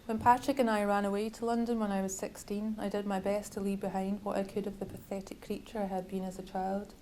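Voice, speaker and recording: Woman author, measured bookshop reading, level even delivery. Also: medium pitch, a little hiss or hum, poor audio. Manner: measured, literary reading with wry asides. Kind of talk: reading from her novel.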